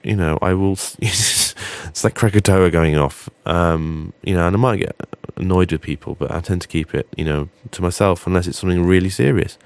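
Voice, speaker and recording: Deep-voiced man rambling on a podcast. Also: fairly quick, dry recording. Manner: rambling, hesitant with frequent ums, blunt and sweary. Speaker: podcast host. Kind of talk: casual solo podcast monologue.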